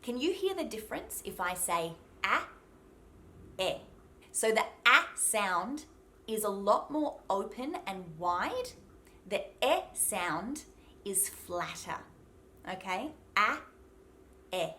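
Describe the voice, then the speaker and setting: A woman's voice: medium pitch, takes it slowly. A young woman with an Australian accent, teaching pronunciation in a chatty, encouraging way. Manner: lively, chatty and encouraging, laughs often. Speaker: accent coach. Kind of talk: accent tutorial to camera.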